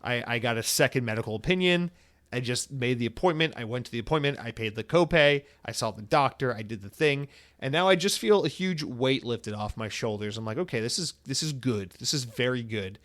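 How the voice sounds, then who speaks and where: A man around thirty talks alone on his podcast in an easy, rambling way. His pitch sits in the middle for a man. He speaks candidly, swears without a second thought and slips into quick impressions of the people in his stories. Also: lively intonation, fairly bright tone. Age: 30s. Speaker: podcast host. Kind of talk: casual solo podcast monologue.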